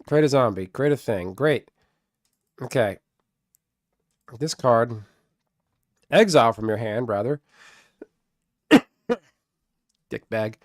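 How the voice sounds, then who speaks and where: A man's voice: medium pitch, takes it slowly, pauses often, no echo, studio quality. A man streaming live gameplay commentary, muttering to himself and trash-talking his opponent.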